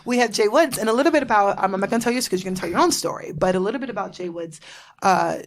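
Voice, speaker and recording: A woman's voice: medium pitch, rapid-fire, slight background noise. Bubbly, cursing woman podcast host. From Florida. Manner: bubbly, swears freely, laughs often. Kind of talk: casual chat.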